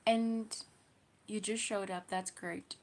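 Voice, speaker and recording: South African woman host, young, slow musing livestream chat, slips into whispers, faint room hum. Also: medium pitch, fairly even intonation. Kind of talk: casual livestream chat reading comments.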